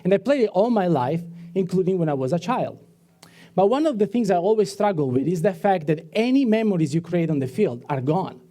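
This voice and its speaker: A man with a noticeably high yet dark, mellow voice speaks in a clear Italian accent. He delivers a rehearsed startup pitch on stage, building stories with deliberate rhetorical pauses. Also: animated. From Italy. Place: event hall on stage.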